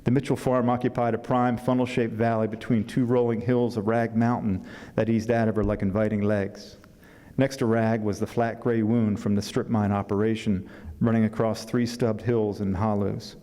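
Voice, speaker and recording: A man, an author, reading a passage from his novel at a book fair symposium, with unhurried pacing and a few asides. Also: on the low side, level tone, warm tone. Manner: unhurried reading with fillers and restarts between passages. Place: symposium hall. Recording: long hall reverb.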